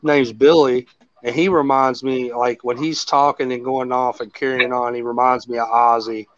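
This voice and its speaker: A man with a mid-range voice chats casually as a host, rambling and swearing through animated stories at a moderate pace. The audio sounds dull.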